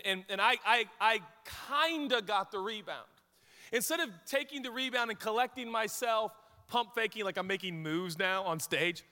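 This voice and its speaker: A man's voice: sits high, long reverb tail. A man from Washington state preaching a sermon as a pastor, telling a self-deprecating story with jokes. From Washington state, USA. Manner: self-deprecating, joking, lively anecdotes. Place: church sanctuary.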